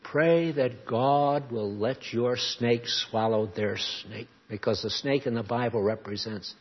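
Husky male preacher, earnest sermon, quizzes his flock, muffled lo-fi tape. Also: medium pitch, slow, hardly any pauses. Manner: earnest preaching, rhetorical questions to the congregation. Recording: dull lo-fi recording.

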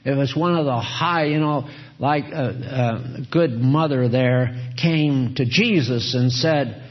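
A man's voice: medium pitch, measured pace. A man preaching a sermon in an earnest, exhorting way, chuckling often as he talks. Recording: dull lo-fi recording.

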